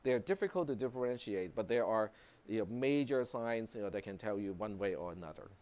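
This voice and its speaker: A man's voice: lowish voice, expressive, brisk, darkish tone. Chatty male college lecturer. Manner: conversational, many fillers and tag questions. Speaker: college instructor. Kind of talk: classroom lecture.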